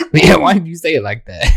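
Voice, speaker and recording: Very deep-voiced woman, blunt and teasing. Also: creaky, breathy edge, dry recording, studio quality. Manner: blunt and teasing, swears freely. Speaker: podcast co-host. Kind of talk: casual chat.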